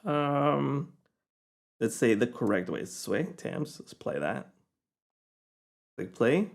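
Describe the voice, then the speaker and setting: A man at a middle pitch talks viewers through a piece of software in a relaxed, conversational way. He explains step by step and keeps checking in with a quick "okay?" as he goes. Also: gravelly. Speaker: software reviewer. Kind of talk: screen-recorded software tutorial.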